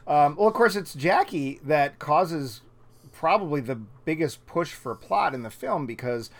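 A man's voice: fairly high pitch, animated, unhurried. A man co-hosting a casual film chat, rambling with lots of fillers and restarts. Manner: rambling, self-interrupting with fillers. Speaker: podcast co-host.

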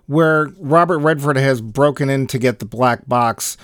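A man's voice: mid-range voice, a little slow, clear, resonant tone, no room sound, clean studio sound. A man co-hosting a casual movie review podcast, joking and wry as he picks apart the plot. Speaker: podcast co-host.

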